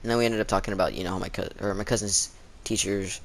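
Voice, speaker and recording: A man's voice: deep voice, fairly even intonation, fast talker. Rambling teen guy telling a story. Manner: rambling, lots of fillers and restarts. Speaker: storytime vlogger. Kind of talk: casual storytelling.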